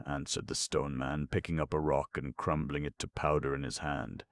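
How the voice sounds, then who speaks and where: A man narrating a classic children's storybook in a steady, measured reading. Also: a bass voice, no room sound, studio quality. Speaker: audiobook narrator.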